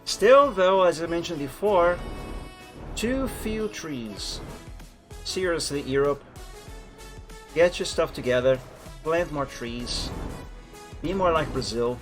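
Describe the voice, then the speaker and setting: Accented guy rambling on a game stream, kinda high voice, loud music behind. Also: expressive, takes it slowly, long pauses. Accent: foreign accent in English. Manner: chatty, rambling, self-correcting. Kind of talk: casual live-stream chat while playing. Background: lofi music and truck engine.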